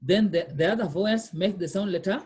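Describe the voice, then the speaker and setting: A female language tutor with a mid-range, brisk voice that's a little mellow and has a breathy edge. She works one-on-one with a learner, patiently repeating questions and quizzing them as she explains.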